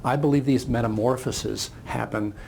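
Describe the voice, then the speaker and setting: An older man gives a reflective motivational talk and unfolds a parable as he goes. His voice is gravelly and rough. The pitch sits in the middle. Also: steady tone, normal speed, a little mellow, slight background noise. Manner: reflective, storytelling. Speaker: speaker.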